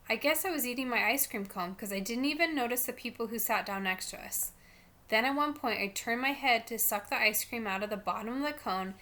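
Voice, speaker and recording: A woman reading a novel aloud in an expressive storytelling manner. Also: a little high. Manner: expressive, shifts voice for each character. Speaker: storybook reader.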